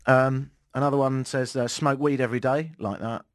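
Brief: British man, radio host, sarcastic banter, average pitch, dead-dry studio sound. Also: steady tone, normal speed, hardly any pauses, no room sound. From Britain. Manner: joking, sarcastic, laughs often. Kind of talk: casual talk radio chat.

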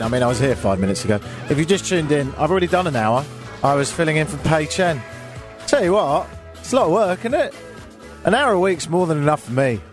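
Grumbling self-mocking British radio host. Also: male voice, a little high. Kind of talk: casual radio monologue. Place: radio studio. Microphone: studio microphone.

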